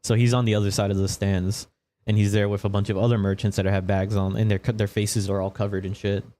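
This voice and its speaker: A man's voice: fairly low pitch, little pitch movement, fast, dark tone. A man narrating as game master of a tabletop game, casual and profane with a rambling delivery.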